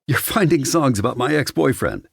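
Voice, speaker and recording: A man's voice: medium pitch, very animated, normal speed, vocal fry, husky, no room sound, clean studio sound, pitched above the performer's own voice, heavily acted. A male audiobook narrator voicing a friendly, good-humored young man driving his friends.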